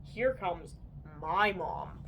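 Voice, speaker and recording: A woman voicing a young boy who warns his friend in a lowered tone, in a read-aloud story. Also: wildly swooping pitch, very slow, fairly bright tone, a little hiss or hum, heavily acted. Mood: warning.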